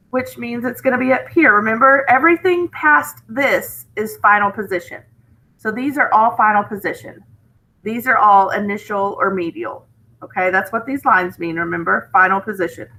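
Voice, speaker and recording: A woman teacher giving a spelling lesson to young students, drawing out each word slowly and patiently. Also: on the high side, bright, forceful tone, low-quality recording.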